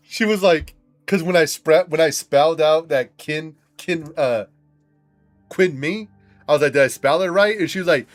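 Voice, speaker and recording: A man hosts a gaming channel, swearing and telling animated stories as he plays, with casual chat throughout. His voice sits fairly high, his pace is measured with long pauses, and soft music plays behind him.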